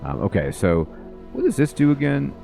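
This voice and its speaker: A man's voice: mid-range voice, big pitch swings, moderate pace, creaky, mellow, soft background music. A man giving casual, offhand commentary while playing a game, with many ums. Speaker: let's play host.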